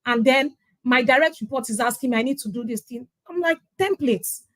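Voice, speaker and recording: Nigerian woman guest, middle-aged, kinda high voice, dry close sound, animated storytelling and acting out the quotes. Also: a little fast, no echo, poor audio. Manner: emphatic storyteller who acts out quoted dialogue. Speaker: interview guest sharing her parenting journey. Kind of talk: conversational testimonial.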